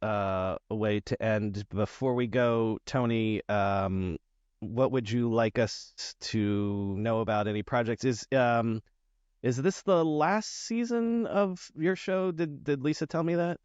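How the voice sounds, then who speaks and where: A man hosting a podcast in a casual interview, talking in a rambling, halting way with many fillers. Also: mid-range voice, a little mellow, clear, resonant tone, dry recording, dull audio. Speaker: podcast host.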